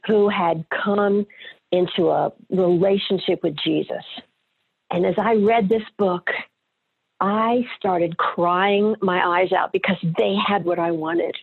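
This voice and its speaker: A middle-aged woman speaks with earnest, heartfelt warmth as she tells her story. Her voice is slightly husky. It comes through a narrow, tinny phone line. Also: fairly low pitch, unhurried. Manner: earnest, emotional storytelling with light laughs. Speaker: actress guest. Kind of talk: personal testimony in interview.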